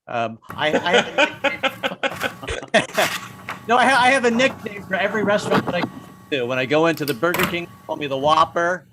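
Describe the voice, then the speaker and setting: A man's voice: high voice, animated, quick pace, background noise. An older man doing stand-up comedy, wry and self-mocking, with stammering restarts.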